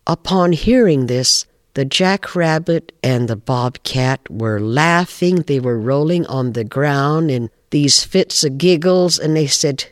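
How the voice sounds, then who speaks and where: Guy from the northwest telling an old animal story, measured and lively, dry close mic. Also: mid-range voice, no echo. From Pacific Northwest. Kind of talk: oral folk storytelling.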